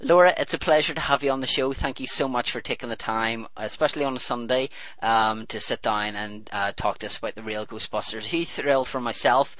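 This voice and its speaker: A man's voice: medium pitch, fairly quick, few pauses, fairly bright tone, no room sound. A man hosting an interview show, eager and a bit stammering, with plenty of fillers. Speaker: podcast host.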